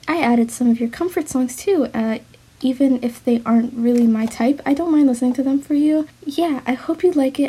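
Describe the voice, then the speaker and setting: A woman's voice: high voice, warm tone. A young woman with a slight lisp recording a casual, heartfelt voice message to her partner, rambling and mumbling with many restarts.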